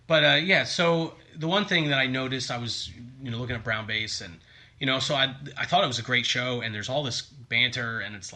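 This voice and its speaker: A man co-hosts a podcast in a loose, casual chat. His voice is very bright and sharp at an ordinary pitch. He rambles and leans on fillers like "like" and "um". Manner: rambling, filler-heavy with many likes and ums. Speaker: podcast co-host.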